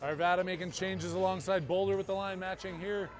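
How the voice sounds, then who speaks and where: Male youth hockey commentator with a high voice, quick calls and playful asides. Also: fairly even intonation, soft background music. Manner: rapid play-by-play with jokey banter. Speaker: play-by-play commentator.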